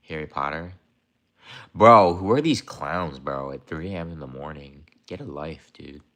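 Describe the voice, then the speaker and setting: Talking to his chat in a bass voice that sounds pushed and bright, a young streamer keeps a measured pace. He rambles, goes over the same points again, and sometimes mocks or confronts viewers.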